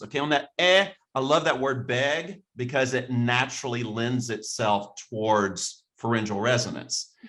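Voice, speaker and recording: A man's voice: mid-range voice, a bit bright. A man coaching a singer in a live online vocal lesson, encouraging her and singing short demonstration phrases.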